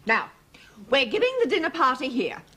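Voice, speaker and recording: An actress playing a bossy, long-suffering middle-aged wife who snaps out commands in a studio sitcom. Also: female voice, high voice, very animated, moderate pace, slightly rough, exaggerated voice. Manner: sharp, commanding. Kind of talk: 1980s studio sitcom acting.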